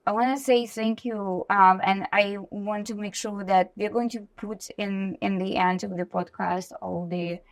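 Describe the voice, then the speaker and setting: A woman's voice: medium pitch, steady tone, unhurried, few pauses, no echo. A woman hosting a podcast interview, polite and gracious, with hesitant phrasing. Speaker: podcast host. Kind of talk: interview conversation.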